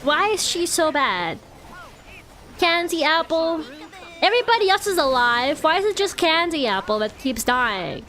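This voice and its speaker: A woman's voice: high-pitched, big pitch swings, measured pace, bright, forceful tone, soft background music. A young woman streaming a game, chatting casually and ranting with lots of "like"s. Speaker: VTuber streamer. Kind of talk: casual live-stream chat while gaming.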